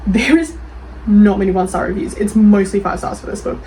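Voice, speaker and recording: An animated Australian woman in casual chat, her voice sitting at an ordinary middle pitch. She reacts quickly and defensively and swears without hesitation. A faint hiss sits under the voice. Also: poor audio. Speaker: book reviewer and author. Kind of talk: casual chat reading reviews aloud.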